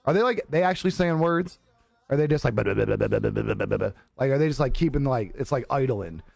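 Animated man telling a story, laughing. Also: fairly high pitch, brisk, gravelly, dry recording, faint music behind. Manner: animated, says "bro" a lot, laughs often, acts out quoted voices. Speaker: live streamer. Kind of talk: casual storytelling to stream chat.

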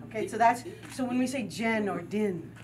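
A woman's voice: medium pitch, normal speed. A woman teaching a group drum and dance class, counting steps, chanting rhythm syllables and encouraging her students. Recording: distant mic with loud noise.

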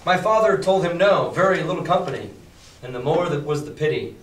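A man's voice: fairly high pitch, brisk, a little hiss or hum. A man teaching a class who reads a novel aloud and explains it in casual, chatty words. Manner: chatty, paraphrases the text in casual slang. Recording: roomy classroom, mic far off.

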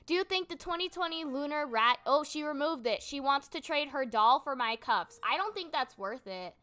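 A woman's voice: high-pitched, lively intonation, normal speed, pushed and bright. A young woman casually commenting on her gameplay, chatty and giggly, thinking aloud as she goes. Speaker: gaming channel host.

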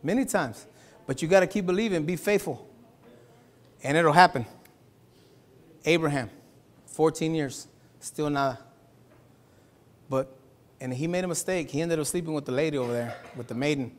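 A man pastor preaching a Sunday sermon in a church, talking in a loose, slangy way, sometimes shouting and sometimes dropping to a hush. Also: fairly high pitch, moderate pace, pauses often. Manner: conversational preaching with slangy asides and laughs; swings from shouting to hushed.

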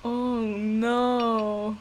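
A woman giving casual gameplay commentary, cursing and shouting at the game and speaking to viewers in slangy talk. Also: a little high, level tone, drawn-out words, a little hiss or hum. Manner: profane, loud outbursts at the game; slangy, talks to viewers directly. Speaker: gameplay video host.

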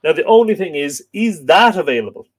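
A man's voice: on the high side, lively intonation, fairly quick. A man hosting a live stream, chatting casually, rambling with many fillers and restarts as he reads viewer comments. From Ireland. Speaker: host of a live stream on Irish mythology.

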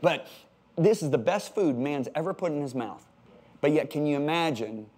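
A man in his sixties from the United States, teaching a sermon with animated emphasis, repeated words and jokey asides. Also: on the high side, moderate pace. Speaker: pastor. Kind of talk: sermon-style Bible teaching.

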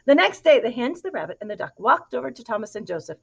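A woman reading a picture book aloud to a child in an animated, expressive way, pausing to ask questions. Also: on the high side, creaky, husky. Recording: dull lo-fi recording.

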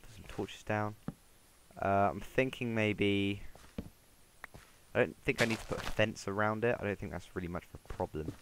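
Deep-voiced guy narrating gameplay. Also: steady tone, moderate pace, background noise. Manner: rambling, talks to himself while playing. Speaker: gameplay commentator. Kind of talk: casual gameplay commentary. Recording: game music playing underneath.

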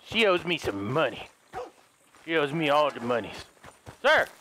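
A young man giving goofy, excitable let's play commentary, swearing freely. His voice is high and bright and jumps all over in pitch. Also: unhurried, slight background noise. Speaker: gaming YouTuber.

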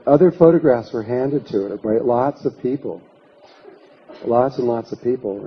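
In a slightly muffled lecture recording with faint hiss or hum, a medium-pitched man tells an audience a story, repeating what people said in his own voice.

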